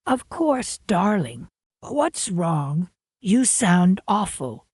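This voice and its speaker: A woman's voice: mid-range voice, very animated, very slow, a little mellow, slightly rough, no room sound, clean studio sound, heavily acted. A woman voicing a loyal older female friend in a storybook narration, soothing and indignant on her friend's behalf. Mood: sympathetic.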